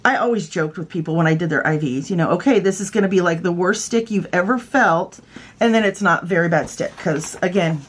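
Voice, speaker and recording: A woman's voice: lowish voice, fairly quick, husky. A woman from California casually telling funny stories about her old work, chatty and self-mocking. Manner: chatty, playful, self-mocking, fond of doing voices. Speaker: vlogger, former nurse. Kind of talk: casual storytelling.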